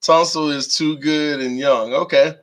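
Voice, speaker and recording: A man hosting a casual live stream, animated and laughing often as he reads viewer comments aloud. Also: a little high, a little slow. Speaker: live-stream host reading chat.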